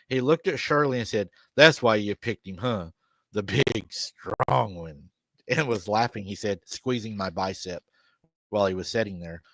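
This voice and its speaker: A man's voice: lowish voice, fairly bright tone, no room sound. A man hosting a live show, casually retelling a story with quoted dialogue and laughing often. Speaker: podcast host.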